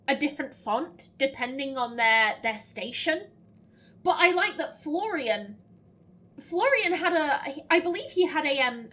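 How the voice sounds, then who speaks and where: Lively high-voiced woman gaming. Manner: chatty and giggly, stumbling over foreign words. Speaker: let's play host. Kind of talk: blind let's play commentary, reading game dialogue aloud.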